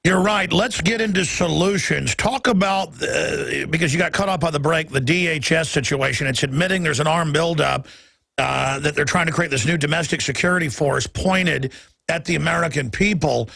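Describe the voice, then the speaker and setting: A man hosting a talk radio show, talking urgently and quickly with stumbling restarts. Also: a little high, gravelly, sharp tone, no echo.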